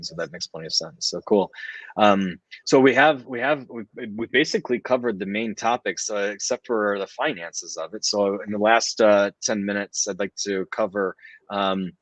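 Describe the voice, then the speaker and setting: A very deep-voiced man hosting a casual business podcast, chatty and prone to repeating points and restarting his sentences. His voice is recorded dry and close. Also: dry recording. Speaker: podcast host. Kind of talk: casual interview talk.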